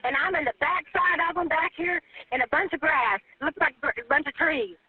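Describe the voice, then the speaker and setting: A woman's voice: sits high, a little fast, dry recording. A panicked woman calling an emergency line, crying and pleading, repeating herself and calling the operator ma'am. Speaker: 911 caller. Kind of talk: emergency phone call. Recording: tinny phone line recording.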